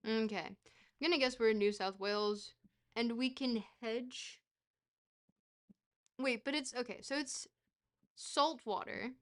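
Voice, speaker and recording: A woman's voice: fairly high pitch, unhurried, pauses often. A woman streamer chatting casually while playing a geography guessing game, rambling and poking fun at herself. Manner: rambling, self-mocking, bursts into excited shouts.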